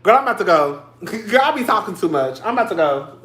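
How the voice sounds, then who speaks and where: A man hosts a casual livestream, his delivery sassy and animated. He cusses freely and breaks into laughter often. His voice carries a roomy echo. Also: very high-pitched, brisk. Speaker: livestream host.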